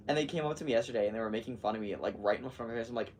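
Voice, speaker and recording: A man's voice: medium pitch, very fast, hardly any pauses. Teen male vlogger, chatty and rambling, distant mic, light background noise. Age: teens. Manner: rambling, heavy use of "like", animated retelling. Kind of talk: casual chatty vlog.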